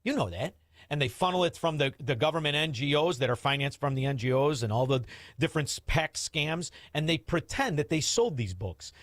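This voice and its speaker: A man's voice: medium pitch, fairly bright tone, dry recording, studio quality. A man hosting a call-in talk radio show, brash and mocking as he rants at callers.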